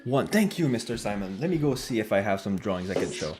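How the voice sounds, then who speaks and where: Guy streaming, casual chat, swears a lot, kinda low voice. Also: quick pace, music in the background. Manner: animated, joking, swears casually.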